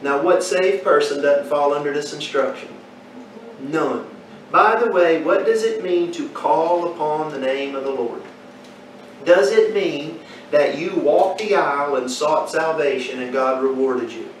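Male Bible teacher, high voice, questions the class, recorded far off in an echoey room. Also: unhurried, slight background noise. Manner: asks the class questions, folksy storytelling.

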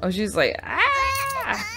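A woman's voice: medium pitch, vocal fry. A woman casually commenting as she plays a life-simulation game, chatting to and scolding her game characters. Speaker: gaming video host. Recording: game music loud under voice. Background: game music and baby cries.

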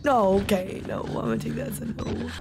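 A woman's voice: medium pitch, fairly quick, background noise. A young woman streamer giving casual, jokey commentary while playing a horror game, often shrieking and taunting the enemies. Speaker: gaming streamer. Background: game music.

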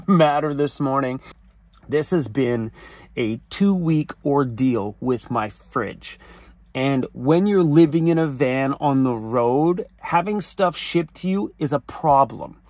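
A man's voice: fairly high pitch, no echo. A man living in a van, ranting in a casual vlog and acting out both sides of his phone calls. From Canada. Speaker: van life vlogger. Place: inside a camper van.

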